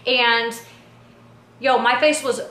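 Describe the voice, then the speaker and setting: A woman telling a behind-the-scenes story to camera in a casual recap, talking in an animated, indignant way full of slang like "yo" and "like". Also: fairly high pitch, slow. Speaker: reality TV personality and producer. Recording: echoey room.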